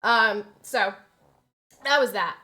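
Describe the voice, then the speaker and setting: A young woman streamer telling a story in casual chat, animated and swearing, acting out quotes loudly. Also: medium pitch, slow.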